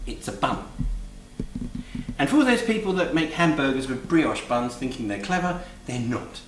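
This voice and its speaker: A man's voice: medium pitch, very animated, normal speed, natural voice. Man playing a posh bossy lady cook. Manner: prim, tart, fussy asides ending in "dear". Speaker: cooking show co-host. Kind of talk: comic cooking show in drag. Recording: roomy distant kitchen recording, faint noise.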